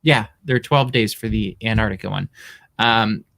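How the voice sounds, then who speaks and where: A man's voice: lowish voice, normal speed, creaky, a bit bright. A man co-hosting a podcast in casual chat, rambling with lots of fillers. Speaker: podcast co-host.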